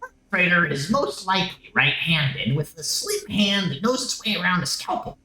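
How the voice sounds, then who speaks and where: Man doing a dwarf coroner, dry, clinical, swooping pitch, sharp tone, echoey room. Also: sing-song, normal speed, heavily acted. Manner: dry, matter-of-fact delivery.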